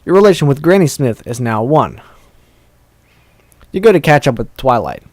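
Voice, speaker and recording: A young man reads a text adventure aloud, tripping over words and poking fun at his own slip-ups. His voice sits at an ordinary male pitch, and the close mic gives a dry, deadened sound. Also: big pitch swings, moderate pace, dry recording. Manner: stumbling, self-deprecating. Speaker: let's play host. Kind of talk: reading aloud a text game.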